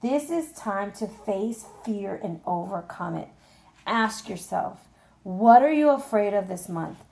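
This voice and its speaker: Gravelly, emphatic woman reading tarot. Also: mid-range voice, animated, takes it slowly, a little mellow. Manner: emphatic, colloquial, talks straight to viewers. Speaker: tarot reader. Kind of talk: casual tarot reading for viewers. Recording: echoey room.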